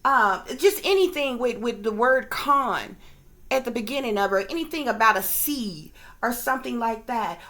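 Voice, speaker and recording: A psychic reader and video creator rants straight to the camera in a fairly high, fairly bright voice. Her speech is casual and profane, and she often checks in with her viewers.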